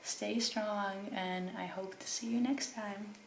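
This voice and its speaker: A woman hosting a pick-a-card tarot reading, speaking gently and reassuringly to the viewer with emotion. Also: medium pitch, steady tone, slow, reverberant, slight background noise, low-quality recording. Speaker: tarot reader.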